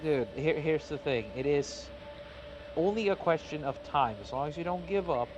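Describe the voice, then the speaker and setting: Brash, joking man with a higher voice. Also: moderate pace, lo-fi sound, noisy background. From Norway. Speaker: podcast host. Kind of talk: casual chat.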